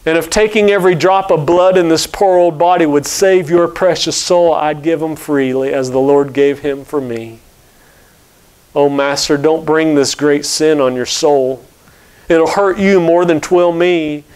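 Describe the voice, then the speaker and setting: A man voicing a calm, pious old enslaved man who speaks in an earnest, pleading way while reading a story aloud in a sermon. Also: fairly high pitch, unhurried, clear, resonant tone, natural voice.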